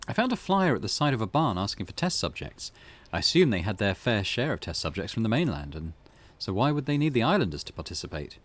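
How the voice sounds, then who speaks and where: A man with a lowish voice narrates his way through a retro mystery game, reading found notes aloud and tossing off relaxed asides. His pitch rises and falls a lot as he goes. The tone is easygoing gameplay commentary. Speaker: let's play host.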